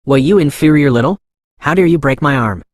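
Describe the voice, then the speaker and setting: A man's voice: fairly high pitch, a little fast, dry recording, studio quality, close to an everyday voice. A man reading an arrogant, ranting young prince. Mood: enraged. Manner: ranting, then begging. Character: arrogant young male prince, cruel, panicky.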